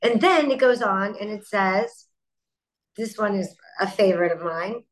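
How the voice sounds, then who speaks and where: A middle-aged woman, a company founder, speaking as a guest in an interview and telling stories in an animated way with quick asides. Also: mid-range voice, rough recording. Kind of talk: interview conversation.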